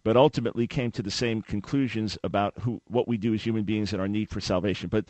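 A man hosting a radio debate with a caller, talking fast and often restarting his words as he jumps in. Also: lowish voice, fairly even intonation, a little mellow, no room sound. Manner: interjecting, repeats words when starting a thought. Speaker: radio show host.

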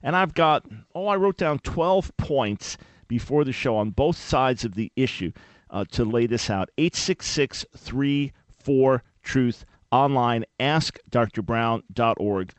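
A man's voice: mid-range voice, lively intonation, slow, no room sound. A man hosting a call-in radio show, speaking in an earnest, emphatic way. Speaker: radio talk show host. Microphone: studio microphone.

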